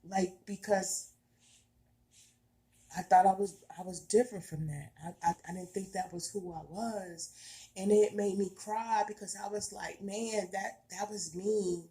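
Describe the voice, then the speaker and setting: A spiritual vlogger gives her viewers a heartfelt monologue, earnest and emphatic, repeating herself in casual everyday language. Her mellow, mid-range voice holds a steady tone at a measured pace.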